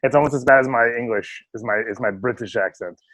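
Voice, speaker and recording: A man's voice: mid-range voice, quick pace, fairly bright tone, no room sound, low-quality recording. A man co-hosting a casual remote podcast, bantering and teasing his partner. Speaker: podcast co-host. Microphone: remote call mic.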